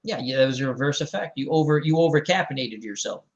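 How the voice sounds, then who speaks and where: Rambling animated male storyteller. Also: on the high side, fast talker, highs cut off. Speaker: show host. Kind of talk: casual storytelling chat.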